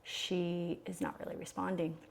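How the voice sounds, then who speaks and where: Low gravelly woman, candid and reflective. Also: sing-song, normal speed. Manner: candid, reflective, many restarts. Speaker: guest sharing her birth story. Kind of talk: conversational storytelling.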